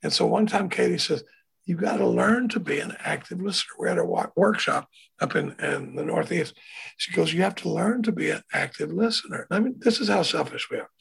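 A man with a gravelly, husky voice that sits fairly high for a man. He tells stories casually and acts out the people he quotes. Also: animated, brisk. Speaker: recovery speaker. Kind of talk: conversational storytelling.

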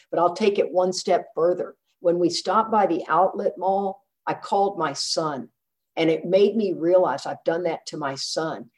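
A woman's voice: on the low side, normal speed. A woman, telling a personal story to a recovery group and acting out the voices of the people in it. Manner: animated, acts out quoted voices. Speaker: speaker sharing at a recovery meeting.

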